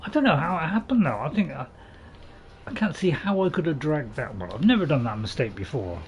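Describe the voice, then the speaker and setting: A man's voice: a little high, sing-song, a little fast, slight background noise. Chatty man narrating gameplay. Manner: chatty and self-deprecating, with dry jokes; hesitant, with many fillers and restarts. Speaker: gaming channel host. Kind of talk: gameplay commentary.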